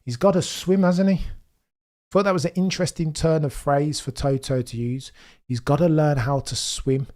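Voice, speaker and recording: This livestream host speaks at normal speed in a fairly high-pitched, darkish voice with fairly even intonation. He's from the Birmingham area of England, carries a mild Brummie accent, and runs a casual watchalong, reading viewers' comments aloud and tossing in wry asides.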